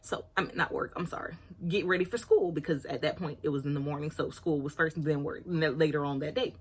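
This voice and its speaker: A woman's voice: low voice, fairly even intonation, fairly quick, slight background noise. A woman around thirty telling a personal storytime on her vlog in a candid, chatty way, apologizing when she overshares. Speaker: vlogger.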